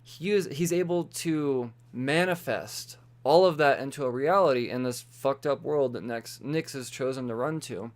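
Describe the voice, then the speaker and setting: A young man talks through a casual solo podcast with a smooth, clear voice that sits at an ordinary middle pitch. He rambles loosely and swears freely, slipping into offhand voices for the characters. He sounds a little loosened up by beer. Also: normal speed, hardly any pauses. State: tipsy from beer. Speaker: podcast host reviewing comics.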